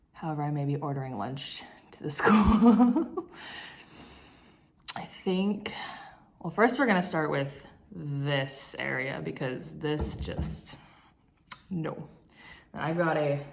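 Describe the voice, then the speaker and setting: A woman's voice: low-pitched, vocal fry. A young woman, a grade two teacher, chatting casually in a vlog and rambling with lots of fillers.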